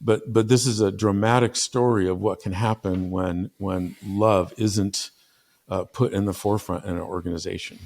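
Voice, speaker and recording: A man's voice: on the low side, steady tone, normal speed, a little mellow. A middle-aged man, a podcast guest and business consultant, telling stories earnestly with frequent restarts. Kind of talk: conversational storytelling.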